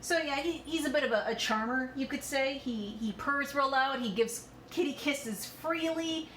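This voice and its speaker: A woman's voice: high-pitched, moderate pace, a bit bright, roomy sound, slight background noise, low-quality recording. A woman chatting casually while she cooks in her home kitchen, swearing and laughing about her pets. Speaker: cooking streamer. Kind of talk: casual chat while cooking.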